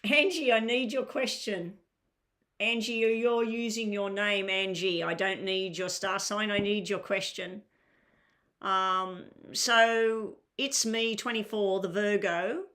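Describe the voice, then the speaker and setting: A woman's voice: mid-range voice, fairly even intonation, takes it slowly, a bit bright. A tired woman with a crackling voice doing a live-stream tarot reading, talking casually to viewers in chat and asking them to clarify their questions. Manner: chatty, asks viewers to clarify, filler-heavy.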